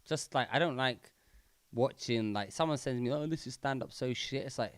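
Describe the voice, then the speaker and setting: Smooth-voiced comedian in a dry room. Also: male voice, medium pitch, no room sound. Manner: halting, many restarts, swears. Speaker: stand-up comedian. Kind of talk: casual chat.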